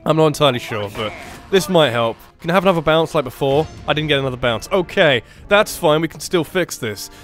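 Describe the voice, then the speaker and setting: A man with a sore throat rambling through let's play commentary, often correcting himself and breaking into excited outbursts. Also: fairly high pitch, fairly quick, soft background music. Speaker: gaming channel host.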